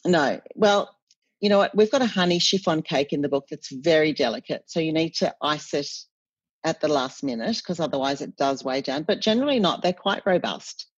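A woman, an interview guest chatting in an animated storytelling way with frequent self-corrections. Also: sits low, brisk, breathy edge, no echo. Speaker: cookbook author guest. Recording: dull, dry podcast audio.

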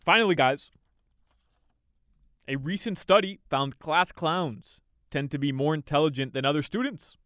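A man's voice: on the high side, moderate pace, pauses often, a bit bright, no room sound, clean studio sound. A man co-hosting a sports talk show, joking back in a self-assured, defensive way during casual banter. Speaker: sports radio co-host.

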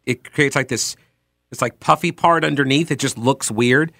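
A man's voice: medium pitch, normal speed, gravelly, dry recording, clean studio sound. Emphatic man hosting a call-in radio show. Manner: animated, emphatic, trails off in repeated restarts. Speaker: radio talk show host. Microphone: studio microphone.

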